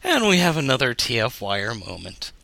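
A man's voice: medium pitch, huge pitch swings, fairly quick, vocal fry, sharp tone, dry recording. A man co-hosting a podcast, chatting casually with a jokey, laughing way of telling stories. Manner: laughs a lot, jokey storytelling. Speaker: podcast co-host. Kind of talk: casual chat.

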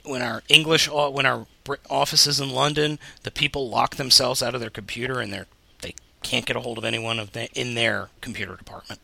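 A man's voice: mid-range voice, fairly even intonation, fairly quick, gravelly, bright, forceful tone, no echo. A man co-hosting a podcast, chatting casually with a jokey, laughing way of telling stories. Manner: laughs a lot, jokey storytelling. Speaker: podcast co-host. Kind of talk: casual chat.

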